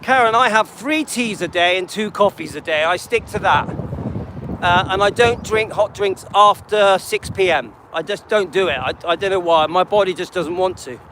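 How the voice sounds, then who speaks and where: Over some background noise, a man with a high-sitting voice hosts a live stream at normal speed. He casually answers viewers by name, often checking in with "yeah?" and "okay?", and frequently restarts and repeats himself.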